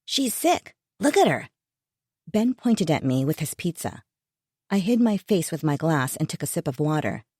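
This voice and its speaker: Warm low-voiced woman narrating an audiobook. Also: expressive, moderate pace, no echo, studio quality. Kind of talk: first-person audiobook narration.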